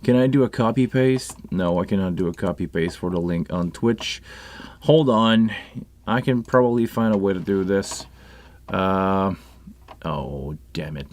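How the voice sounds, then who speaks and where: A French Canadian-accented man hosts a laid-back live stream about sound gear. His low voice is a little slow and a little mellow, his chat rambles with frequent restarts and asides, and he uses a live microphone on a console setup.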